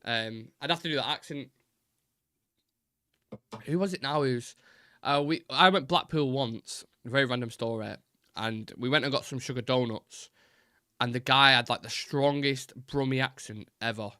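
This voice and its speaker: A man hosting a live football fan show, fast-talking and rambling with many fillers while reading chat messages. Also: medium pitch, pushed and bright, no echo, clean studio sound.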